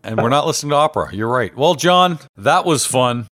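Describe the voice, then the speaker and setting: A man's voice: mid-range voice, lively intonation, a little fast, fairly bright tone. A man in his fifties hosting a podcast interview, bantering like a stand-up comedian and laughing easily. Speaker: podcast host.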